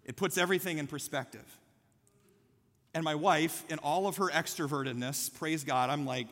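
A middle-aged male pastor preaches with a bright, forceful voice pitched a little high. He tells his story in a lively, conversational way. His words ring out with a long reverb in a big hall. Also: fairly quick. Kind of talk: sermon.

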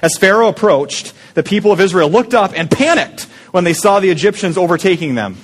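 A man's voice: high voice, lively intonation, fairly quick. A man preaching a sermon as pastor, talking casually and putting questions to the congregation. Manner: conversational, asks the congregation questions.

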